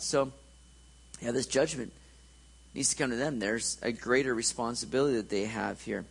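A man's voice: mid-range voice, moderate pace, gravelly, pauses often, breathy edge, poor audio. A man preaching a conversational sermon, joking and checking in with his listeners.

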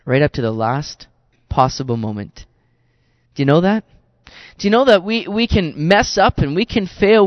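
Chatty, earnest preacher, slightly high voice. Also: male voice, no echo. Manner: chatty and earnest, with frequent repeated words and asides. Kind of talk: conversational sermon. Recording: dull lo-fi recording, dry.

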